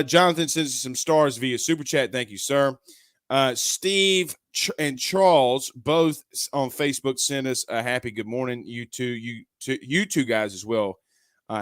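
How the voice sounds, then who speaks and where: A man's voice: mid-range voice, a bit bright, dry recording, studio quality. A man hosting a live sports talk show, chatting loosely with lots of fillers and restarts.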